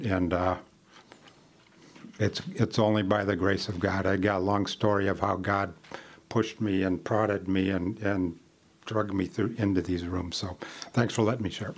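An older man giving a personal testimony at a recovery meeting, halting with frequent restarts and small laughs. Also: sits low. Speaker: member sharing at a recovery meeting.

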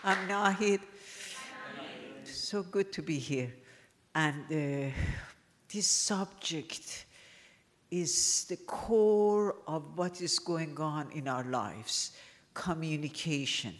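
Measured, searching woman in a hall. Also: low voice. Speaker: support group member. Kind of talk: sharing at a support meeting.

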